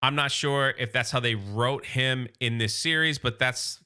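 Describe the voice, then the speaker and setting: A man's voice: medium pitch, a little slow, bright, forceful tone, smooth. A man casually recapping and reviewing a comic book, chatty and acting out character lines as he goes.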